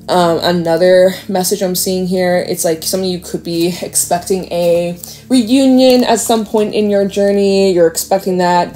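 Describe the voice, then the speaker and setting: A woman's voice: fairly low pitch, warm tone, a little hiss or hum. Chatty woman reading tarot cards. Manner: chatty, rambling, swears and laughs, frequent fillers. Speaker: tarot reader. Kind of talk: casual tarot reading to camera. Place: home with a dog nearby.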